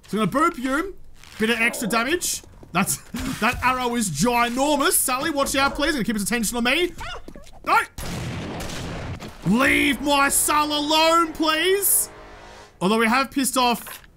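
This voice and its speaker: A woman with an Australian accent giving chatty, excitable gameplay commentary and talking to the characters on screen. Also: a little high. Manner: chatty and excitable, talks to the game and her companion. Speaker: gaming video creator. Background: game music.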